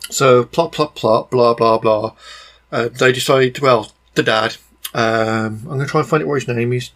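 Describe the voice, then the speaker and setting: A man's voice: medium pitch, moderate pace, a bit bright. A man with a Black Country accent giving a blunt, exasperated film review in a rambling, casual way, full of ums.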